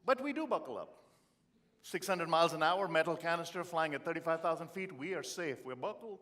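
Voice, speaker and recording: A middle-aged man from India giving a humorous motivational speech, with punchy storytelling that swings from loud to quiet. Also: a little high, expressive, a little fast. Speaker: motivational speaker.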